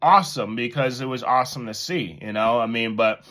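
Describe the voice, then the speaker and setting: A man casually commenting and telling a story to his viewers, animated and laughing at himself. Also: mid-range voice, fairly quick. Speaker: host commentator.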